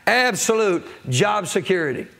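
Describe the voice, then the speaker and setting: A man's voice: sits high, big pitch swings, normal speed, a bit bright. A man preaching a sermon as pastor of a church, calling out to the congregation for answers and acting out people's excuses. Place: church sanctuary.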